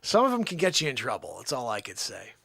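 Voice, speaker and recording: A man's voice: mid-range voice, wildly swooping pitch, fast, vocal fry, bright, forceful tone, no room sound. A man hosting a casual livestream, laughing and rambling between his impressions. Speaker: livestream host doing impressions.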